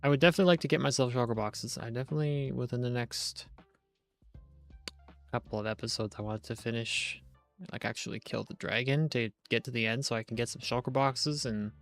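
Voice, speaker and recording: A man's voice: mid-range voice, steady tone, brisk, pauses often, faint music behind. A young man rambling through casual, jokey gameplay commentary on a live stream, chatting to his viewers from home on a desk mic.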